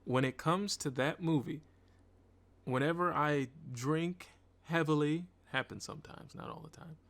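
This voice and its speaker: A young man hosting a podcast in a casual chat, relaxed and rambling, asking follow-up questions. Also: on the high side, a little slow. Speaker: podcast host.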